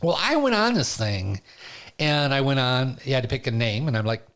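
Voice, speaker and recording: A man, a stand-up comedian, telling stories as a guest in a casual interview, animated and often laughing. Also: medium pitch, brisk. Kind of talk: casual storytelling.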